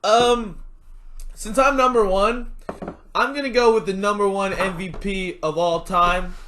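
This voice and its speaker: A man's voice: high voice, steady tone, a little slow, sharp tone, a little hiss or hum. A young man co-hosting a casual podcast, teasing and wisecracking. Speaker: podcast co-host. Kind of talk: casual chat.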